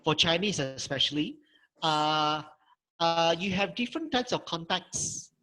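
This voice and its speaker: A man's voice: on the high side, animated, measured pace, sharp tone, low-quality recording. A middle-aged man with a Malaysian English accent, teaching a Mandarin workshop over a video call, patient and repeating his points. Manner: patient, repeats himself, models tones. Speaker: Mandarin lecturer. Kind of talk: online language workshop teaching.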